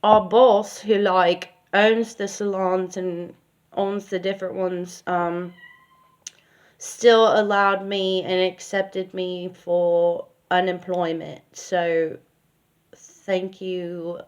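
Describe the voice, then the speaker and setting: A woman's voice: lowish voice, little pitch movement, extremely slow. A woman telling a personal story in a casual, rambling way with lots of fillers. She speaks candidly and swears now and then.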